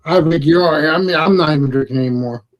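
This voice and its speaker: A man in casual chat, easygoing and relaxed. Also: a little high, fast talker, muffled recording. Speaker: podcast participant.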